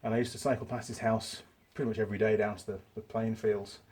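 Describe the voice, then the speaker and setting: A man's voice: fairly low pitch, flat delivery, fast talker, a little mellow, husky. A middle-aged man hosting a workshop repair tutorial, chatting casually and wandering off on stories as he works. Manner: chatty, digressing, self-deprecating. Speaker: mechanic host. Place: home workshop.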